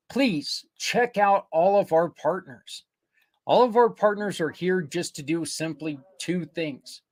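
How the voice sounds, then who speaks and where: An older man hosting a podcast, talking earnestly and casually, rambling a little and correcting himself as he pitches a community program. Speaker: podcast host. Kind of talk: casual promotional talk.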